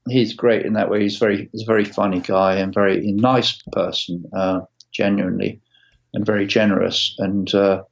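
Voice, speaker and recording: A man in his sixties, a guitarist as an interview guest, telling stories in a halting way with many restarts. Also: fairly low pitch, level tone, vocal fry, dull audio. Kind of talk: casual interview storytelling.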